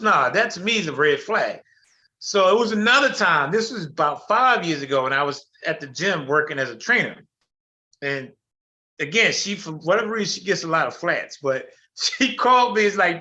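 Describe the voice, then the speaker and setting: A middle-aged man telling a story on a video call, blunt and animated, full of slang and cursing. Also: on the high side, moderate pace. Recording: muffled video call audio.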